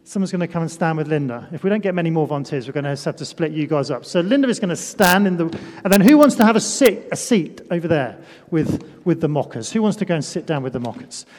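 Playful high-voiced preacher in a hall. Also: male voice, animated, fast, a little mellow. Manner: playful, self-deprecating, calls out volunteers. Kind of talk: sermon with a children's demonstration. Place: church hall. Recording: echoey church hall.

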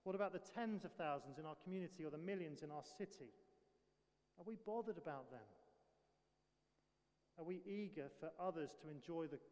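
An earnest male preacher with a fairly high voice delivers a sermon and keeps putting rhetorical questions to his listeners. His voice rings out through a large church hall, trailing a long reverb. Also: a little fast, pauses often, darkish tone.

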